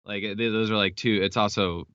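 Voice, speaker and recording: A man's voice: on the low side, steady tone, moderate pace, a bit bright, clear, resonant tone, no echo. A young man from Texas, a podcast guest, explaining things in a rambling, casual way with lots of fillers and restarts. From Texas, United States. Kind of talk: casual interview chat. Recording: dull lo-fi sound.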